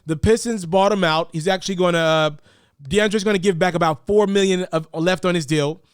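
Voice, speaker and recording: A man giving casual, animated basketball commentary, often repeating words and jumping up in pitch for emphasis. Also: fairly quick, clean tone, no echo, studio quality.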